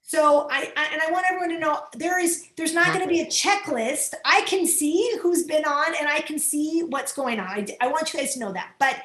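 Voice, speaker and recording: A woman's voice: high-pitched, moderate pace, few pauses, a bit bright. A woman coordinating volunteers in a training video call, talking earnestly and with emotion, often laughing between her words. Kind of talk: Zoom training talk. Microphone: computer mic on a video call. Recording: roomy echo on a video call.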